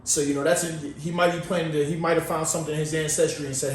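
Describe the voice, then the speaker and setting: A man co-hosting a podcast in casual chat, joking and rambling with animated asides. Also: fairly high pitch, very fast. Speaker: podcast co-host. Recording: very echoey, distant mic, faint noise.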